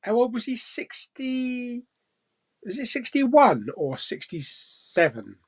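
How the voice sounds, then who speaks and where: A man's voice: very high voice, very animated, takes it slowly, slightly rough. Chatty man hosting a live stream. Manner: chatty and jokey, laughs often, swears casually. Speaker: live-stream host reading viewer comments. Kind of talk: casual live chat.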